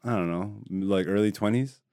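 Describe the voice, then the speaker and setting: A man co-hosting a podcast in casual chat, laughing loudly and often, swearing freely and telling animated stories. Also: on the low side, moderate pace, no echo, clean studio sound. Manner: loud, frequent laughter, profane banter; animated storyteller. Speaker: podcast co-host.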